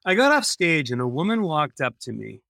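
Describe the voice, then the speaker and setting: A man's voice: a little high, sing-song, moderate pace, creaky, pushed and bright, no echo, clean studio sound. A man, a podcast guest, telling a personal story in an earnest way and repeating phrases for emphasis.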